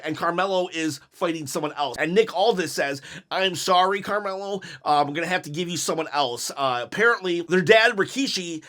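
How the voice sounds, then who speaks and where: A man hosting a casual wrestling commentary show, energetically pitching storyline ideas and slipping into quoted lines from the wrestlers. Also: a bit bright. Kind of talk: casual fantasy-booking commentary.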